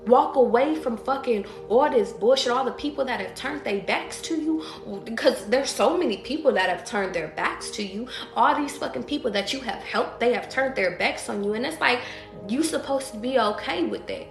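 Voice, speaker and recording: A woman tarot reader rants bluntly and profanely to her live-stream audience, repeating herself for emphasis in a motivational tirade. Her voice sits on the high side, animated and gravelly, at a normal speed. The room echoes, and faint music plays in the background.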